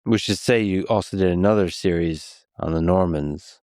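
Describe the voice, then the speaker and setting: A male podcast host asking measured, admiring questions in a long-form interview. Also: sits low, darkish tone, no room sound, clean studio sound.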